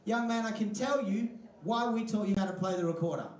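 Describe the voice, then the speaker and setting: A man's voice: sits high, a little fast, darkish tone, natural voice. Give me a prim older woman lecturing from the crowd, as a male comic puts her on, heard from a distance. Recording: echoey and distant.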